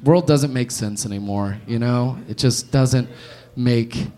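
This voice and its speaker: A man's voice: mid-range voice, a little slow, dark tone. A young man hosting and doing stand-up on a comedy club stage, sardonic and riffing, with casual swearing.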